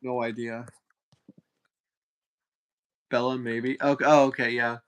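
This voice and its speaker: Guy friend on a stream, teasing, laughs a lot, mid-low voice. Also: flat delivery, slow pace, smooth, lo-fi sound. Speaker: guest friend. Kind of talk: casual chat.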